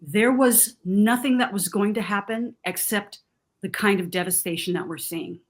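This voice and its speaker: A woman's voice: mid-range voice, normal speed. A middle-aged woman from Southern California on a TV talk panel, telling a personal story with emotion and acting out the voices she quotes. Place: TV studio.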